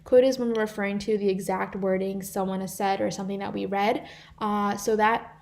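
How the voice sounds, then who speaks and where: A woman's voice: mid-range voice, fairly even intonation, fairly quick, vocal fry, darkish tone. A teenage girl volunteering as a tutor, explaining grammar examples from slides in a live online class, with a few fillers and restarts. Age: teens.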